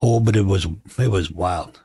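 Wry, low-voiced man telling stories. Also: normal speed, vocal fry, dark tone, slightly rough, dry recording, studio quality. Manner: wry, joking, conversational. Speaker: podcast host. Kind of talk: casual storytelling monologue. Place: home.

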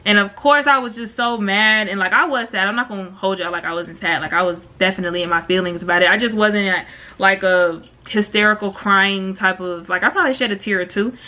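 A woman's voice: medium pitch, brisk. A woman telling a story on her vlog in slangy casual chat, acting out what people said. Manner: slangy, animated, acts out quoted voices. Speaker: storytime vlogger.

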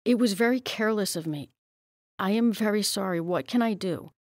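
A woman's voice: mid-range voice, moderate pace, dry recording, clean studio sound, lightly acted. A woman reading aloud as an absent-minded young male schoolteacher who sounds flustered and apologetic.

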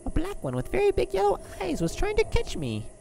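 A woman's voice: very high-pitched, wildly swooping pitch, brisk, vocal fry, music in the background, full character voice. A woman voicing a polite, frail old male rat who speaks courteously and apologetically, in a game playthrough. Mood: courtly.

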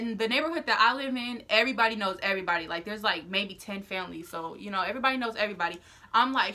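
A young woman vlogger telling a personal story to her viewers in a chatty, animated, slang-filled way. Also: mid-range voice, fast talker. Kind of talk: storytime vlog.

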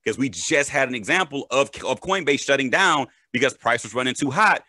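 Male crypto educator, casual and jokey, bright voice, dry close recording. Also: medium pitch, fairly quick, no echo. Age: adult, a parent. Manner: animated, joking, checks in with "right?" and "okay?". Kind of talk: casual explainer.

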